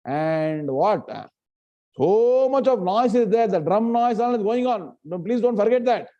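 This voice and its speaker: A man teaching a live scripture class, chanting verses slowly and questioning his students. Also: sits high, expressive, warm tone, muffled recording. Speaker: Gita teacher.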